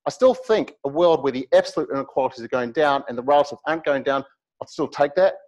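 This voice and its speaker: A middle-aged man giving a university lecture, lively and animated with humorous asides. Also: mid-range voice, fast, highs cut off. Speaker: academic lecturer.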